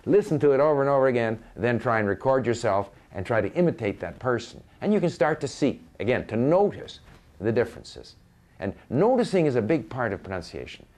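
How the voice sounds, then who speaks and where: An older man giving conversational advice on learning languages, often restarting his sentences and spelling words out letter by letter. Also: lowish voice.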